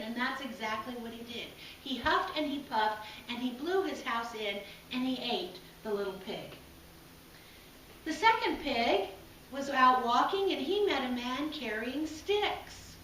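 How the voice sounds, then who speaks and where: A woman's voice: sits high, expressive, unhurried, fairly bright tone, a little hiss or hum. A woman preacher telling a folk tale during a sermon in an easy, folksy storyteller manner. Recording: echoey hall, from far off.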